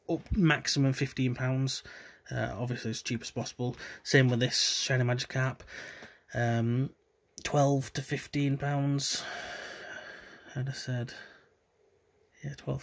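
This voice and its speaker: A man giving subdued, self-deprecating commentary while opening trading cards, with low-key delivery and trailing hesitations. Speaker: card collector vlogger. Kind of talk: casual card-opening commentary.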